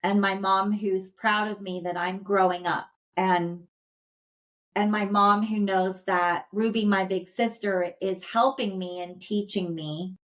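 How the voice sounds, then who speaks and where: A woman voicing a sweet, sensitive young male dog, speaking in a gentle, earnest, halting way. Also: medium pitch, fairly even intonation, lightly acted. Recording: slightly dull lo-fi audio.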